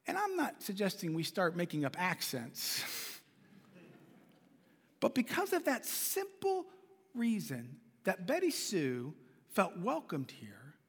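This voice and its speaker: A man's voice: high voice, husky. A man preaching a sermon as pastor, talking in a conversational way with repeated words and questions to the congregation, in a large church. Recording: long church reverb.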